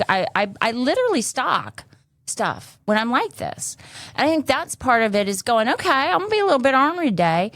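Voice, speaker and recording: Woman podcast host, mid-pitched, blunt and profane, dry close sound. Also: a bit bright, dry recording. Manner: blunt, salty, cusses freely. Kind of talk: candid casual chat.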